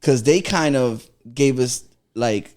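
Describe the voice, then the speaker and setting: Man, podcast host, casual rambling chat, laughs a lot, mid pitch. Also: takes it slowly, a little mellow.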